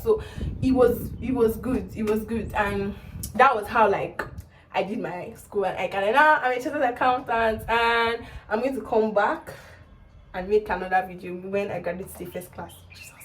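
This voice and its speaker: A young woman with a Nigerian accent, a vlogger telling her story to camera fast and excitably. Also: on the high side, distant mic, slight background noise. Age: young adult.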